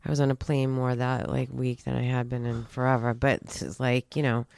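A woman telling a personal story in a halting, earnest way, with many restarts and fillers. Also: a bass voice, little pitch movement, gravelly, darkish tone, no room sound. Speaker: guest telling her recovery story.

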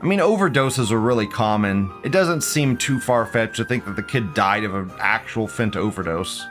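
A man's voice: lowish voice, lively intonation, normal speed, a bit bright, faint music behind. A man in his thirties hosting a casual live commentary show. He swears a lot, laughs often, and drags out mocking words. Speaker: livestream show host.

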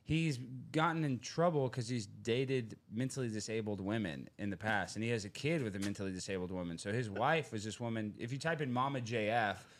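A man guest on a podcast, talking excitedly and rambling through a story with loud bursts. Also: lowish voice, brisk, hardly any pauses.

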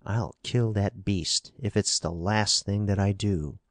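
A man's voice: on the low side, slow, dry recording, clean studio sound. A man reading the part of a brave young hero, confident and protective. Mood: resolute. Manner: resolute and confident.

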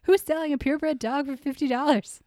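A woman's voice: high voice, steady tone, brisk, dark tone, no echo, clean studio sound. A woman co-hosting a podcast, chatting casually and laughing often. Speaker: podcast co-host. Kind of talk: casual chat.

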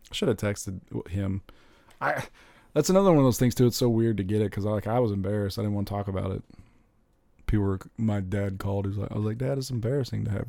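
A man in casual chat, rambling and excitable, swearing freely as he talks about movies. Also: lowish voice, gravelly, dry recording. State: recently recovered from covid.

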